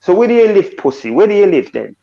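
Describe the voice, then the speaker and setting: Furious high-voiced man. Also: big pitch swings, fast talker, vocal fry. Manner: angry, cursing, threatening. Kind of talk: heated live panel argument. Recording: lo-fi online stream audio.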